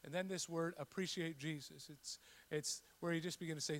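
A man preaching a sermon, telling a scripture story and building to loud, passionate repetition. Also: on the high side, fairly even intonation, fairly quick. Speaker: pastor.

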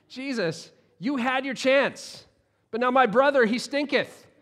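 A man voicing a grieving woman who bluntly complains in a wry, drawn-out way. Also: very high-pitched, expressive, fairly bright tone, voice pushed up, full character voice. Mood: exasperated.

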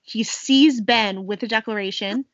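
A young woman co-hosting a podcast, chattily recapping a movie with quick acted-out quotes. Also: fairly high pitch, no echo, muffled recording. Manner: chatty, quick quoted voices, laughs often. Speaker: podcast co-host. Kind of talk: casual chat recapping a movie.

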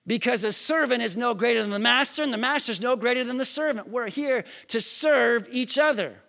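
A man's voice: very high voice, fairly quick, vocal fry, sharp tone. A man preaching a sermon in a conversational way, asking the listeners questions and acting out scripture scenes. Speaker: pastor.

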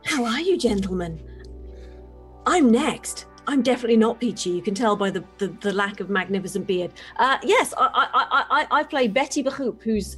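A woman who plays in a role-play game and streams, chatting in a cheeky, self-mocking way and swearing casually. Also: medium pitch. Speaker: player and streamer. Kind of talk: casual chat.

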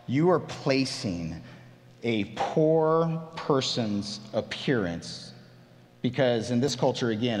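Emphatic male preacher in an echoey hall. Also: on the low side. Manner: animated, emphatic preaching with repeated restarts. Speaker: pastor. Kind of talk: sermon.

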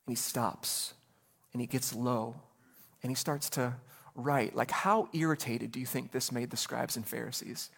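A man preaching a sermon as pastor, animated, acting out voices in the story with quick asides. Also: medium pitch, creaky.

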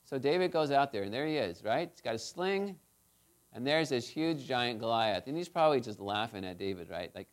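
A man preaching a children's sermon, retelling a story in a chatty, animated way and asking his listeners questions. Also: mid-range voice, brisk.

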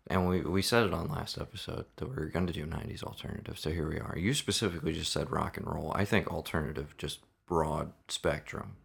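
A man with a very deep, gravelly and husky voice co-hosts a casual chat. His delivery is dry, and he often repeats a word before moving on. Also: brisk, hardly any pauses, fairly bright tone. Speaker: podcast co-host.

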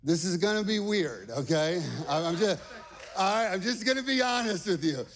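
A middle-aged man pastor preaching a lively sermon to a congregation, energetic and repeating "okay?" and "all right" often. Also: sits high, moderate pace, slight background noise. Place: church stage before a congregation.

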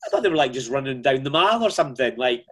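Guy interviewing, husky voice, super lively, teasing questions. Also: medium pitch, quick pace. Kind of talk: casual interview chat.

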